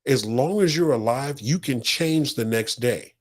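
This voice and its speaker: A man's voice: mid-range voice, a little slow, few pauses, darkish tone. A man co-hosting a podcast, telling stories in an earnest, motivational way. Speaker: podcast co-host. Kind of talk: casual heartfelt podcast talk.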